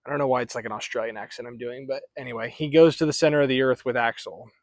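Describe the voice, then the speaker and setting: Male vlogger, mid-pitch, loose and chatty book-review delivery, dry close sound. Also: fairly even intonation, fast, no echo. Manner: chatty, rambling, self-correcting.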